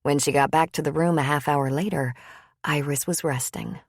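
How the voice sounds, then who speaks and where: Woman reading an audiobook, deep-ish voice, dead dry studio sound. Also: fairly even intonation, normal speed, creaky, no echo. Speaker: audiobook narrator. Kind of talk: scripted narration.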